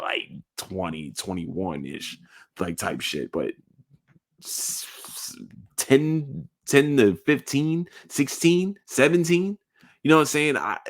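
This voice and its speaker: A man's voice: mid-range voice, a bit bright. A young man hosting a casual solo podcast, talking in a heated, rambling way, full of slang and restarts. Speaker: podcast host.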